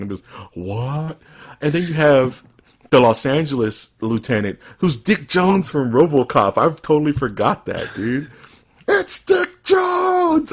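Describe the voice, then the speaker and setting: A man co-hosting a casual podcast, talking in an animated, joking way and often breaking into laughter. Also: lowish voice. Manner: animated, laughing, says dude and dog a lot. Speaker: podcast co-host.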